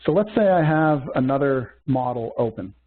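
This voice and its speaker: A man teaching a software demo in a webcast, walking through steps methodically with small fillers. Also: medium pitch, lively intonation, normal speed, slightly rough. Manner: methodical step-by-step explaining with fillers. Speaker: software instructor. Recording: tinny phone-like webcast audio.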